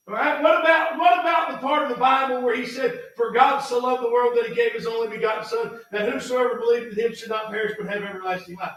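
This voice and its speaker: A pastor preaching a folksy sermon, repeating himself and building up to shouts. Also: male voice, extremely high pitch, brisk. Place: church sanctuary. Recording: echoey hall, mic far off.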